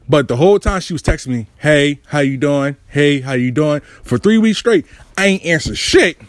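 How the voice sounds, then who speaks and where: A man telling a story in casual storytime style, profane and animated with street slang. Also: a little high, no room sound.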